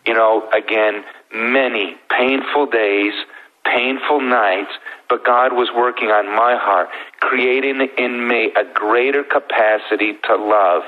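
A middle-aged man telling his personal story as a guest, earnest and heartfelt with slow pauses. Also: medium pitch, steady tone. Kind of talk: emotional personal testimony. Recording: thin phone-like sound.

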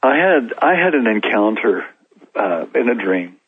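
Very animated, this mid-range, husky male voice keeps a measured pace in a dry recording. Telling his story as a talk show guest, he restarts often and laughs between lines. The recording is narrow and phone-like.

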